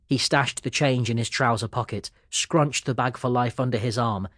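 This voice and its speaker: A man narrating a children's audiobook in a lively storytelling manner. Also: medium pitch, moderate pace, no room sound, studio quality.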